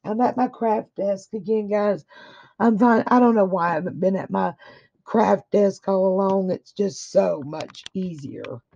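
A woman's voice: medium pitch, measured pace, vocal fry, dark tone, highs cut off. A woman at her home craft desk, opening a craft swap package and gushing to her viewers. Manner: gushing, exclamatory, addresses viewers as guys. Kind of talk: casual unboxing chat.

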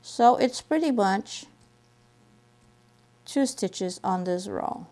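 Knitting instructor, woman, unhurried delivery, patient and repetitive, walking viewers through each step. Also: mid-range voice, animated, dark tone. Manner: patient, repeats steps slowly while demonstrating. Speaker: knitting teacher. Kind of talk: step-by-step craft tutorial.

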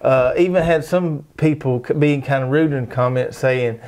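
A middle-aged man with a Southern US drawl, chatting casually as host of a gardening show. His delivery is folksy and rambling, full of fillers, at a middling pitch. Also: moderate pace, darkish tone. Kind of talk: casual chat.

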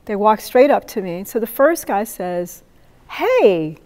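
A woman in her seventies, a poet laureate, telling a lively story to an audience and acting out the voices of the people in it. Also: medium pitch, moderate pace. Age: 70s. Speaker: poet laureate giving a talk. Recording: long reverb of a hall.

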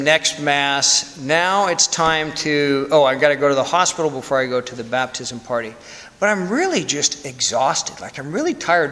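A priest telling a story in a candid, conversational sermon with self-deprecating humor. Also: male voice, a little high, bright, forceful tone. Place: church. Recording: long church reverb.

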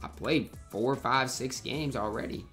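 A young gaming YouTuber commentates live on his own basketball video game match, slangy and frustrated, trash-talking both his teammates and his opponent. His voice is medium-pitched, unhurried, and a bit bright, over soft background music.

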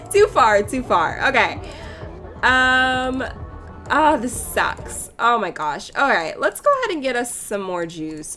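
A young woman chatting and giggling through casual game commentary, reacting loudly to what happens on screen. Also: mid-range voice. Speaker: let's play gamer.

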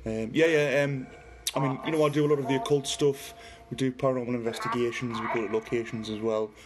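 A man's voice: medium pitch, steady tone, fast. A middle-aged man from Newcastle with a Geordie accent, chatting casually on a paranormal livestream, reading viewer comments and talking to a spirit box. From Newcastle, northeast England.

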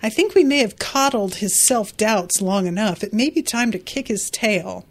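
Woman reading as a sharp, blunt woman. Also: mid-range voice, expressive, normal speed. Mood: scolding. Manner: sharp, scolding.

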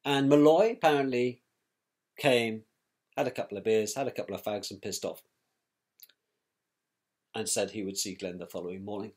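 A man's voice: on the low side, normal speed, pauses often, a little mellow. A man recounting events about his brother, in a scornful, colloquial storytelling manner. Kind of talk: personal storytelling.

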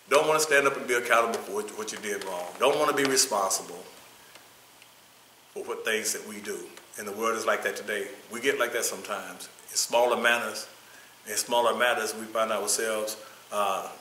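A man's voice: on the low side, brisk, bright, forceful tone, reverberant, slight background noise, rough recording. A man teaching a church Bible study, reading passages aloud and then explaining in his own words with restarts. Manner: reads from notes, then speaks off the cuff with restarts. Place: church room.

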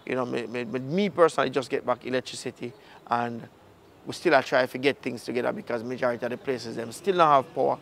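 A man's voice: medium pitch, fast talker, vocal fry, slight background noise. A man with a Jamaican accent, a filmmaker hosting his channel, talking casually to viewers in patois-tinged speech. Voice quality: Jamaican patois phrasing, relaxed. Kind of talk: casual outro talk to viewers.

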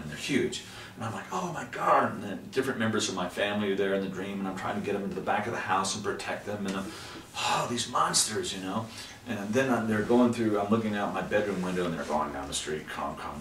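A middle-aged man from Texas, a guest in an interview, telling about his dreams in an animated way, jumping to high exclamations when he acts out scenes. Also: distant mic. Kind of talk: personal storytelling in an interview. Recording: roomy, from away from the mic, faint background hiss.

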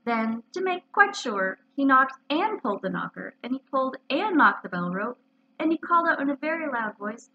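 A woman librarian reading a children's storybook aloud in an expressive, animated way, on a dull lo-fi recording. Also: high-pitched, normal speed.

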